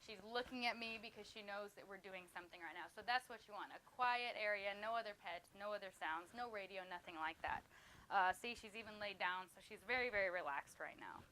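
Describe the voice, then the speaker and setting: A woman's voice: mid-range voice, fairly quick, bright, forceful tone, slight background noise. A woman demonstrating dog training outdoors, chatty and explaining each step as she goes. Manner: chatty, explains while praising the puppy.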